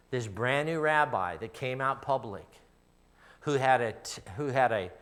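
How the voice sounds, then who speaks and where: With a mid-range voice and a Midwestern American accent, this middle-aged pastor preaches from a church sanctuary. He spins stories in a chatty way and lowers to a hush at personal moments.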